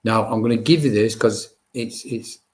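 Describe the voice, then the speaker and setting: A man's voice: fairly low pitch, normal speed, a little mellow. A man working as a medium, giving chatty, reassuring live-stream readings and talking to viewers by name.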